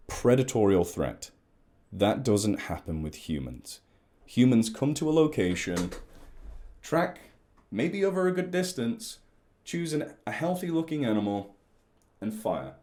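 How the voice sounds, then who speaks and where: A man's voice: mid-range voice, warm tone. A man, an ecologist chatting at length and in a rambling way as he explains to camera.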